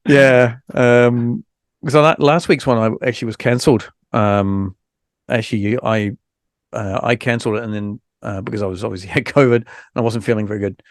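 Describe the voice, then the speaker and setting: Male podcast host; gravelly, dry close sound; frank, rambling, tired. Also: medium pitch, fairly even intonation, moderate pace, dry recording. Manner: frank, rambling, many fillers and restarts. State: recovering from illness, low energy. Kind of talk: casual podcast chat.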